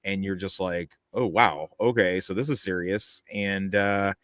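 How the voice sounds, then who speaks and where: Man, lowish voice, casual film chat, rambling, lots of fillers, dry sound. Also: a little slow, dry recording. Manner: rambling, animated, with many fillers and restarts. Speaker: panelist.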